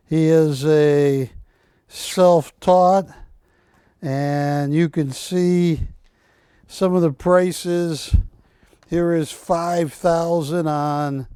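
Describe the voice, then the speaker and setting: Slow, rambling TV shopping host man. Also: fairly high pitch, warm tone, clear, resonant tone, no room sound, studio quality. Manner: rambling, jokey, self-correcting. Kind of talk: live sales pitch. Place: TV shopping studio.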